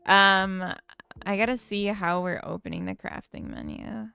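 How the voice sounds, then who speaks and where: A woman's voice: mid-range voice, huge pitch swings, creaky, bright, forceful tone, smooth, faint music behind. A woman streamer chatting casually with her viewers while she works on her game code. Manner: unhurried, chats with viewers and reads their comments.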